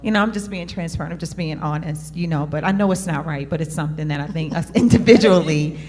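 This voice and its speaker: Candid woman panelist, low voice, reverberant hall. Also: quick pace, mellow. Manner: candid, reflective, fillers and restarts. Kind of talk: panel discussion.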